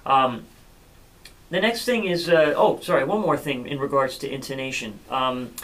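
A man's voice: mid-range voice, normal speed, fairly bright tone, rough recording. A man giving an unscripted cello lesson, thinking aloud with many fillers and restarts. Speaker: cello teacher. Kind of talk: instructional talk.

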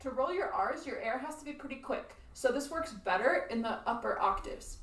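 A woman flute teacher explaining playing techniques in a friendly, clear instructional video. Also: high voice, expressive, moderate pace, reverberant, distant mic, very noisy.

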